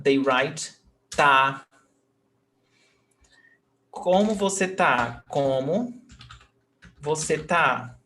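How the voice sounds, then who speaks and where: A man's voice: on the high side, fairly bright tone. A man with a Brazilian Portuguese accent teaching a live online lesson, repeating example sentences and checking that students follow. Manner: patient, repeats examples slowly, checks understanding.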